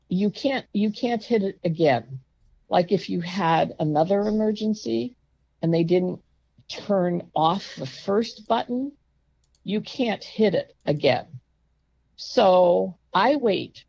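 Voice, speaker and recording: Slow, gravelly older woman storyteller. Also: medium pitch, dry recording, highs cut off. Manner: emphatic, indignant storytelling with loud outbursts. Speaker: guest telling a personal story. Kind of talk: casual storytelling.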